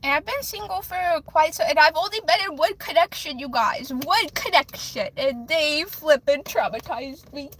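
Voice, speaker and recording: A woman's voice: high voice, lively intonation, normal speed, hardly any pauses, a bit bright, slight background noise. A woman hosting a livestream with card readings, chatting casually and rambling emotionally straight to her viewers.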